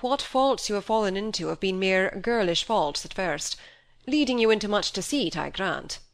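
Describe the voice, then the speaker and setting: A woman reading an audiobook, voicing a grave, fatherly older male doctor who speaks slowly and with measured reason. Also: mid-range voice, animated, lightly acted. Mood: gentle. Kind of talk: audiobook character voice.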